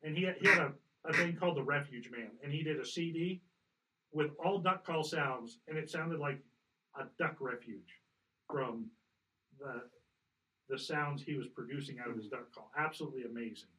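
A man working as a hunting guide, coaching someone in a relaxed way, patiently correcting him and demonstrating sounds. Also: a little high, moderate pace, distant mic, low-quality recording. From Colorado. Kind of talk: casual coaching.

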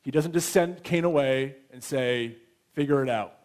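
A man's voice: medium pitch, normal speed, darkish tone. A man in his thirties preaching a sermon in a conversational way, often checking in with his listeners. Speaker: pastor.

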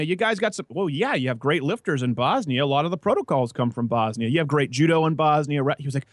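Male podcast host, brash, mocking, slightly high voice, dry close mic. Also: lively intonation, fast talker, hardly any pauses, no echo. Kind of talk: casual political talk show banter.

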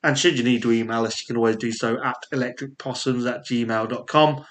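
A man's voice: medium pitch, steady tone, a little fast. A man with a Yorkshire accent co-hosting a podcast in casual chat. He laughs often and talks in rambling asides. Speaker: podcast co-host.

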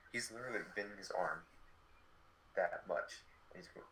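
Young man, late teens, low voice, very bright tone, casual storytelling, filler-heavy chat, faint background hiss. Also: normal speed, long pauses, rough recording. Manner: chatty, many fillers, lively retelling.

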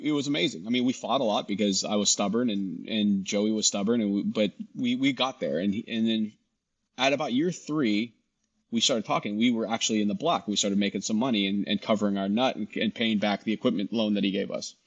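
A middle-aged man, a guest in a casual interview, telling his story with animated dialogue and frequent restarts. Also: on the low side, brisk, husky, muffled recording. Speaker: guest, shop founder.

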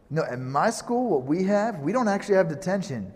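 A pastor in his thirties giving a casual sermon, telling stories in a relaxed, joking way with lots of asides. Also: fairly high pitch, brisk, hardly any pauses. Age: 30s. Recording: long reverb of a large hall.

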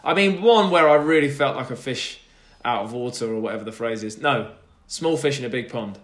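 A man's voice: mid-range voice, brisk, fairly bright tone. A young man, a podcast guest, telling stories in a rambling, self-deprecating way with lots of restarts. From Britain. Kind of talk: casual chat.

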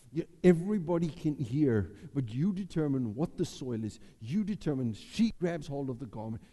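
Animated preacher in an echoing church. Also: male voice, mid-range voice. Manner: animated preaching, acting out Bible voices. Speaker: pastor. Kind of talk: sermon. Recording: long hall reverb.

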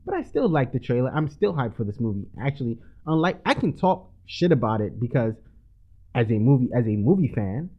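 A man co-hosting a casual movie podcast, excitable and jokey, who laughs often. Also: mid-range voice, brisk. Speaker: podcast co-host. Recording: thin phone-like sound.

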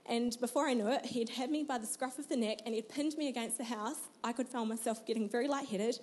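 A woman's voice: fairly high pitch, quick pace, few pauses, a little mellow. A young adult woman, telling her personal story earnestly as an interview guest, laughing now and then. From New Zealand.

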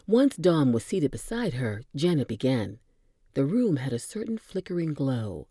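A woman narrating a story in a measured, expressive audiobook style. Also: extremely low pitch, breathy edge, dry recording, clean studio sound.

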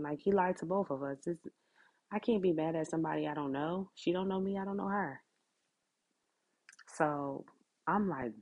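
A woman's voice: low voice, gravelly, a little mellow, rough recording. A woman hosting a podcast, telling a personal story in a casual, conversational way, full of fillers like "like" and "you know". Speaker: podcast host.

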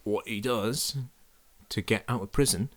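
A man on a podcast, pitching a silly movie idea in a laid-back, rambling way. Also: a little slow. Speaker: podcast co-host. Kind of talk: casual comedic chat.

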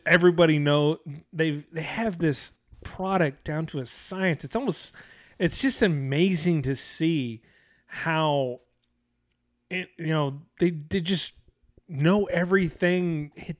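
Casual male podcast co-host, loose and profane, slightly high voice, close and dry. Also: measured pace, no echo. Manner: rambling, profane, restarts often. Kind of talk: casual wrestling chat.

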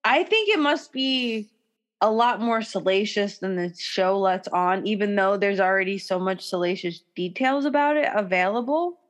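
A woman's voice: mid-range voice, normal speed. Woman co-host, casual and profane gossip, mimics people she talks about. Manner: profane, animated gossiping, acts out quotes. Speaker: podcast co-host. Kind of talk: casual chat.

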